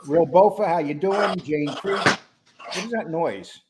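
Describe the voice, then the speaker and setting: A man hosting a casual live-stream show, greeting chat viewers by name in a relaxed, rambling way. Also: on the high side, slow, heavy background noise. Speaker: host.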